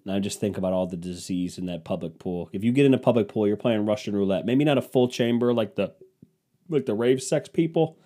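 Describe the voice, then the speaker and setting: A young man from Cleveland, Ohio, hosts a podcast, riffing through a rambling, self-mocking, crude comedic monologue. His voice is lowish and dark in tone, and he talks fairly quickly.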